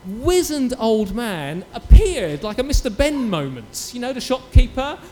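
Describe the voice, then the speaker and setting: Animated preacher in a hall. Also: male voice, very high voice, unhurried. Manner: animated storytelling with acted quotes. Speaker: pastor. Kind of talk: sermon. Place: church.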